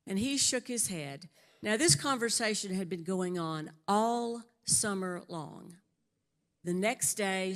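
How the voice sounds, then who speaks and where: A woman's voice: lowish voice, creaky, a bit bright. An older woman from Western North Carolina, telling a personal story at a church service into a handheld mic. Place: church sanctuary.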